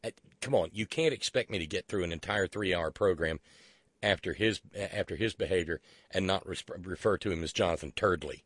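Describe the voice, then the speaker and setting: A man hosting political talk radio, sarcastic and swearing freely, with a habit of restarting his sentences. His voice sits low and the sound is bone-dry and close. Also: fairly quick, a bit bright, dry recording. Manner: sarcastic and profane, with many restarts. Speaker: radio talk show host.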